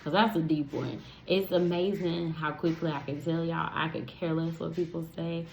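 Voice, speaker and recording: A woman's voice: sits low, steady tone, moderate pace, darkish tone, a little hiss or hum, low-quality recording. A young adult woman hosting a podcast, chatting casually and expressively, talking straight to her listeners and laughing easily. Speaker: podcast host. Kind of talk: casual solo podcast chat.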